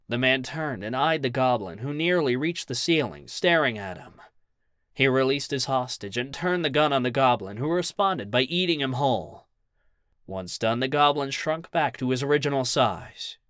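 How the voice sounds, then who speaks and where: A man narrating a short story as an audiobook reader in a measured, even way. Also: medium pitch, no room sound, clean studio sound.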